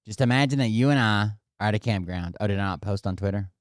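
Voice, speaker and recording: A man with a smooth, resonant voice rambles through a casual story, swearing freely and talking straight to his viewers. He is indoors at home, and the sound is dry and close, with no room echo. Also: lowish voice, quick pace. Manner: rambling and profane, addresses viewers directly. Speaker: vlogger.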